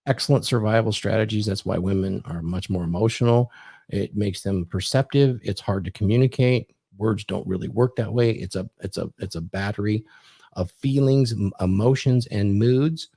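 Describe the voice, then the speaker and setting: Low-voiced man lecturing on a podcast. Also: moderate pace, dark tone, breathy edge, dry recording, studio quality. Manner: lecturing, explanatory. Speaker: podcast guest, author. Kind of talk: casual podcast chat.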